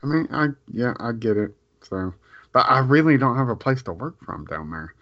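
A young man co-hosting a casual podcast, talking in a hesitant, halting way with many restarts. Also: mid-range voice, sing-song, dull audio. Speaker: podcast co-host. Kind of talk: casual chat.

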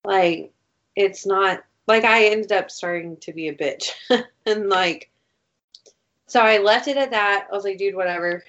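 A woman's voice: medium pitch, unhurried, a bit bright. A young woman in casual chat, telling a story in a rambling way, full of "like" and swearing. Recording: dull lo-fi recording.

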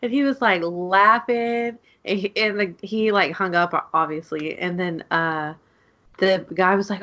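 A woman's voice: medium pitch, fairly even intonation, a little slow, sharp tone, muffled recording. Giggly, rambling young woman. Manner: rambling, giggly storytelling with many fillers. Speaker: podcast co-host. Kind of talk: casual chat.

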